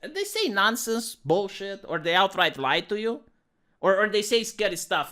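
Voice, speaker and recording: A man from Romania with a Romanian accent, vlogging an animated, gesticulating rant in a squeaky voice. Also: moderate pace. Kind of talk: ranting commentary.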